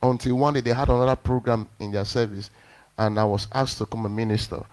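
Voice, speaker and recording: Male pastor, sermon, personal story, animated, middle pitch. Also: fast talker. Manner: animated storyteller acting out quotes.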